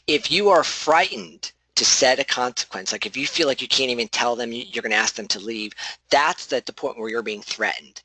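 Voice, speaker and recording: A man giving a casual spoken training on defusing hostile behavior, conversational and self-correcting with animated asides. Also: on the low side, no echo, rough recording. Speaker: de-escalation trainer.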